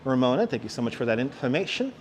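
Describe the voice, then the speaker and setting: A man's voice: medium pitch, sing-song, fast. A man with a New York accent hosting a casual live-streamed walking tour, chatting with viewers and reading out signs. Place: outdoor city walkway at evening. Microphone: wireless clip-on mic.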